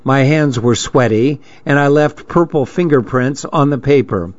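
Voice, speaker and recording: A man's voice: mid-range voice, a little slow, no echo. Man narrating a story on dull, dry audio.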